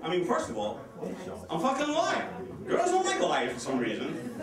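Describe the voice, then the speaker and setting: High, lively stand-up comic in an echoey club. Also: male voice, distant mic, over a noisy crowd. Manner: fast, excitable, profane delivery. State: nervous, sweating. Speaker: stand-up comedian. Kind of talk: stand-up comedy set. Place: comedy club stage. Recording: echoey club audio from afar. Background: audience laughing.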